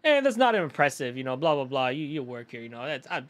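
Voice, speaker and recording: A man's voice: medium pitch, big pitch swings, quick pace, a bit bright. A man mimicking a rude male customer who brushes off a store worker. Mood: dismissive. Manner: condescending.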